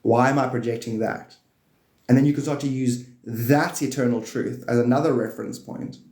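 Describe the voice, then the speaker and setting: A man hosting a live stream, rambling playfully about spirituality and now and then jumping into high excited bursts. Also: moderate pace. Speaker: livestream host. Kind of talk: rambling spiritual livestream talk. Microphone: phone or desk mic on a live stream. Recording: echoey room.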